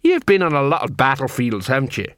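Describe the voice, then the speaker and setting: A man voicing a plodding, middle-aged male watch sergeant who questions slowly and suspiciously. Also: mid-range voice, sing-song, no echo, studio quality, natural voice. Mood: probing.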